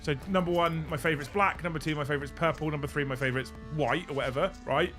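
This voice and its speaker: A man's voice: a little high, fast talker, a bit bright, soft background music. Joking, swearing young man hosting a stream. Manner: joking, swearing, thanking viewers, laughing a lot. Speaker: livestream host. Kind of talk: casual live-stream chat.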